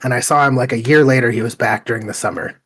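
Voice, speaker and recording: A middle-aged man with a husky, somewhat breathy voice talks in a loose, casual way. He tells stories with plenty of swearing and an easygoing tone. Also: mid-range voice, quick pace. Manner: relaxed storytelling, swears often. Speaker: podcast co-host. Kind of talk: casual chat.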